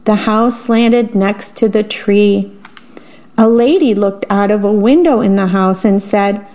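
A woman volunteer broadcaster reading children's bedtime stories aloud, gently, stopping to describe the pictures. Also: mid-range voice, fairly even intonation, unhurried. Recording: dull lo-fi radio broadcast.

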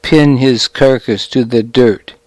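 A man's voice: medium pitch, fairly even intonation, slow, darkish tone, no room sound, close to an everyday voice. A man voicing an angry young soldier who speaks in a tense, urgent whisper in a storybook reading. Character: angry young male soldier, eager to kill.

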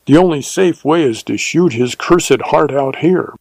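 A man playing a wary one-eyed bandit who urges a quick kill, in a read-aloud western. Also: a little high, vocal fry, a little mellow, no room sound, pitched above the performer's own voice. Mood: protesting. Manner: protesting, urgent.

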